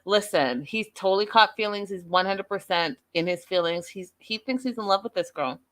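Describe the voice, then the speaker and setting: A woman's voice: medium pitch, normal speed. Chatty woman hosting a show recap. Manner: chatty, animated, laughing often. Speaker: host of a reality show recap. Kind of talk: casual recap chat with live chat.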